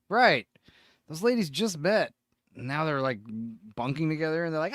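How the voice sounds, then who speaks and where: A man co-hosting a podcast riffs on the show in front of him, joking and musing aloud. His pitch is a little high and swings a lot. The recording is dry and close, with no room sound. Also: lively intonation, moderate pace, a bit bright, no echo. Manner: wry, joking, muses aloud. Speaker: podcast co-host. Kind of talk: casual commentary over a watched show.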